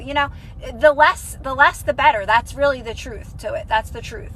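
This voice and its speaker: Bright, high-voiced woman streaming live. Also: brisk, slight background noise, rough recording. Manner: rambling, restarts sentences often, many "like" fillers; encouraging and earnest. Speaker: manifestation content creator. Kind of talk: casual live-stream chat answering viewers.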